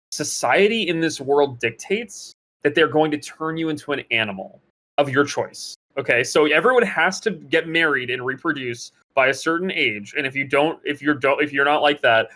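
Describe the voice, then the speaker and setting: A man co-hosting a casual gaming podcast, telling a story in an animated way with many fillers and restarts. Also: on the high side, moderate pace. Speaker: podcast co-host. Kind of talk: casual chat.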